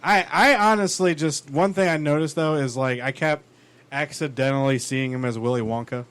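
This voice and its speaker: A man's voice: a little high, normal speed, fairly bright tone, smooth. A man co-hosting a casual chat show, rambling with many restarts, swearing and laughing as he talks. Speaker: podcast co-host.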